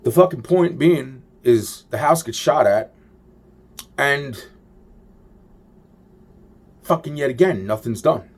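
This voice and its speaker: A man's voice: mid-range voice, expressive, slow pace, pauses often, breathy edge. A man in a rambling monologue, swearing constantly and trailing off with exasperated sighs. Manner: trails off with repeated sighs of "wow".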